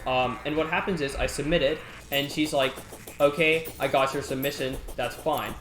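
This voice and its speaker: A teenage boy telling an exasperated, animated story in casual vlog style, often checking in with "right?". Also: medium pitch, moderate pace, echoey room, faint music behind. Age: teens. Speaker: gaming video creator. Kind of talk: casual storytelling rant over gameplay.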